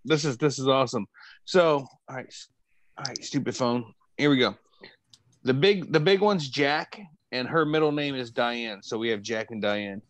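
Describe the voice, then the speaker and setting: A man's voice: medium pitch, moderate pace. A slightly tipsy man chatting casually, rambling and restarting his sentences. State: a little tipsy. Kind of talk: casual chat.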